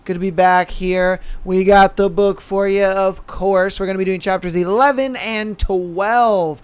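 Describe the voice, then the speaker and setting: A man's voice: high-pitched, fairly even intonation, measured pace, clear, resonant tone. A young man hosting a podcast, telling a story in a loose, laid-back way, swearing freely and calling listeners "bro" and "man". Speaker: podcast host. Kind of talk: casual storytelling monologue.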